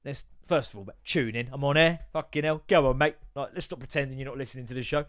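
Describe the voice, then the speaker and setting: A man's voice: medium pitch, fast talker, fairly bright tone. A man in his thirties hosting a solo comedy podcast, ranting and swearing with self-mocking asides.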